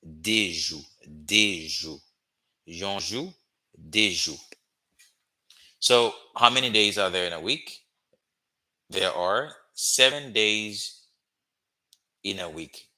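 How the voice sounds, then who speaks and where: A man teaching a language lesson, drilling phrases slowly with many "okay?" check-ins. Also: fairly low pitch, animated, sharp tone. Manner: slow, repetitive drilling with frequent "okay?" checks. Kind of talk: classroom-style language lesson.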